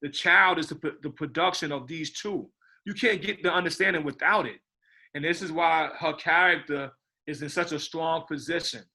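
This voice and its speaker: A man's voice: on the high side, normal speed, creaky, sharp tone. A man, a film director, talking casually in an interview, rambling with many repeated words and asides. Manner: rambling, repeats words, says "you know what I mean".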